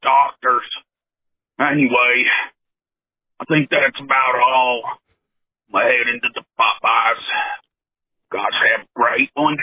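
Caller doing a dim, earnest Southern yokel with a fake drawl, halting and husky, tinny phone line. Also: male voice, medium pitch, flat delivery. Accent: put-on American Southern. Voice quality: halting, drawling, stumbling repetitions. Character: slow, dim-witted Southern man, earnest and tearful.

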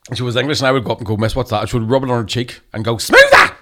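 A man's voice: medium pitch, steady tone. A young man, a comedian, telling school stories in a casual, sweary chat. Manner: sweary, fast storytelling.

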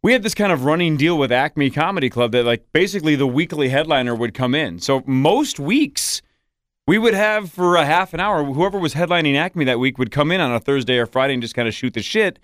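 A man's voice: fairly high pitch, animated, fairly quick, fairly bright tone, dry recording, clean studio sound. A man hosting a radio show, chatting casually and enthusiastically with some swearing.

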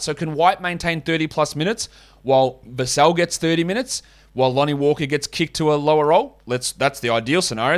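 Blunt Australian man hosting a podcast. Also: fairly high pitch. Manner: blunt, opinionated, swears casually. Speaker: podcast host. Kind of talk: casual fantasy sports analysis.

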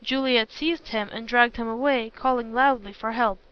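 A woman's voice: on the high side, fairly even intonation, normal speed, smooth. Woman narrating a novel, lo-fi sound. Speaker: audiobook narrator. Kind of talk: reading a novel aloud.

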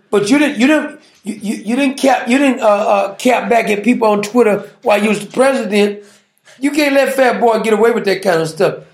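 A man with a high, gravelly voice hosts a political talk show in an echoey room. He rants in a brash, mocking way and keeps circling back to the same jabs. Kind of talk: political commentary rant.

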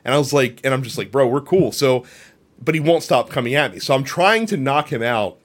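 Man, podcast co-host, casual chat, rambling storyteller, mid-pitched voice. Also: fairly quick. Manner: rambling, animated storytelling with frequent swearing and filler.

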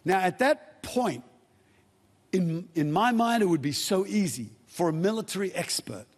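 A man with a slightly raised, husky voice preaches a sermon. He retells an old story in plain, casual modern words. His voice rings out with the long reverb of a large hall. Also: sits high, animated, unhurried.

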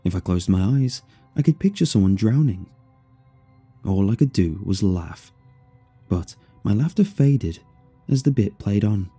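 A man narrating a first-person story in an expressive, dryly amused way. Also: fairly low pitch, a little slow, pauses often, breathy edge, soft background music.

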